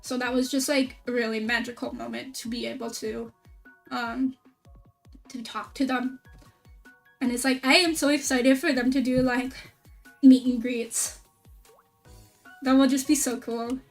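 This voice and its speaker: A woman VTuber streamer chatting casually, excitable and rambling, with a lot of "like" fillers. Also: fairly high pitch, a little slow, pauses often, far from the mic, soft background music. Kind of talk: casual stream chat recap.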